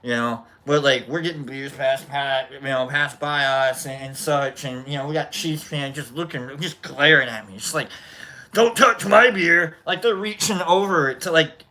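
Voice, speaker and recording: A man hosts a relaxed chat show and tells animated, teasing stories. His voice is bright and edgy, at a middle pitch for a man. He slips into exaggerated yells when he acts out a scene. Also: moderate pace, hardly any pauses. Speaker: livestream host. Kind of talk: casual storytelling chat.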